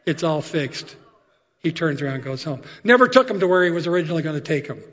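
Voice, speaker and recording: A man's voice: a little high, quick pace. Guy preaching a sermon, chatty storyteller, kinda muffled sound with lots of church echo. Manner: conversational, animated storytelling with asides.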